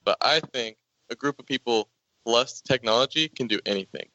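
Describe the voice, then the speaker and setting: A teenage high school student giving an earnest, speech-like closing thought. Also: male voice, normal speed, pushed and bright, dry recording, dull audio. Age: teens.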